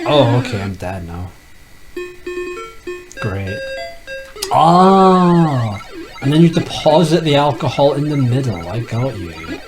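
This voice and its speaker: A man's voice: mid-range voice, low-quality recording. A young man giving casual, jokey commentary as he plays retro games, rambling and talking to himself. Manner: rambling, jokey, talks to himself while playing. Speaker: retro gaming youtuber.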